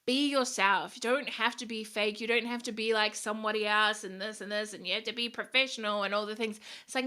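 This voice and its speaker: Bright-voiced woman, blunt and swearing. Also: mid-range voice. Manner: blunt, frequent swearing, upbeat and direct. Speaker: podcast host. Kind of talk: casual motivational podcast talk.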